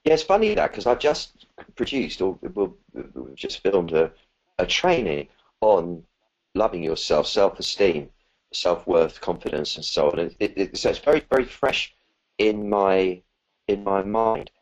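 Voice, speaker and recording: A man's voice: low-pitched, very animated, measured pace, dull audio. A man answering questions as a spiritual teacher in a live talk, earnest and rambling, with many fillers and restarts.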